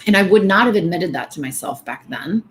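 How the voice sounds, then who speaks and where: A woman's voice: on the low side, expressive, brisk, slight background noise. A middle-aged woman giving a candid, conversational motivational talk at a women's event, with many fillers. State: tearful at times.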